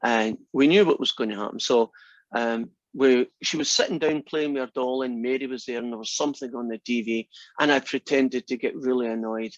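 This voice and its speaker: A man's voice: mid-range voice, fairly quick, no room sound. A man, a math instructor, telling a long rambling anecdote to his class. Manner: rambling, animated storyteller. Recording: dull, dry lo-fi classroom recording.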